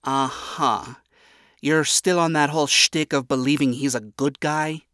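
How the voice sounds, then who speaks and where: Man reading as a skeptical, blunt woman in an audiobook, measured and lecturing, dry sound. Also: on the high side, fairly even intonation, pushed and bright, dry recording. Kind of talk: audiobook character voice.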